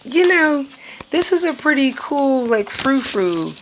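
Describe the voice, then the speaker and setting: A woman hosting her podcast, talking casually and candidly, swearing freely and breaking into sudden high outbursts. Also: big pitch swings, slow, slight background noise. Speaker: podcast host. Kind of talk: casual spiritual monologue.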